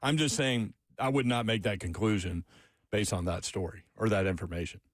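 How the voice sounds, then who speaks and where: A man hosting sports talk radio, excitable and quick to get worked up, laughing often. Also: on the low side, no echo, studio quality. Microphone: studio microphone.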